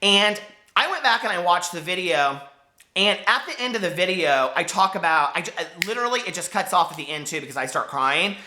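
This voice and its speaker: A man in his forties with a high, squeaky voice, speaking in an impassioned, hurt vlog rant and swearing as he talks to the camera. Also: animated, brisk, bright, forceful tone, roomy sound. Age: 40s. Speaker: book vlogger.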